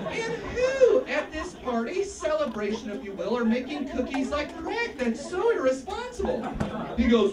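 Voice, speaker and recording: A man doing a stand-up comedy set on a club stage, animated and acting out the people in his stories. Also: extremely high pitch, normal speed, crowd noise, noisy background. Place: comedy club stage before a live audience. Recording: echoey club room, distant mic, audience laughter.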